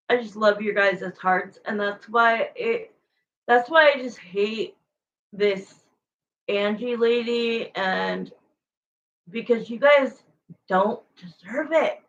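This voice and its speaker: Slow, gravelly woman reading tarot. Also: medium pitch, fairly bright tone, lo-fi sound. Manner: chatty, frank, emotional. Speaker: tarot reader. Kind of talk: casual livestream chat.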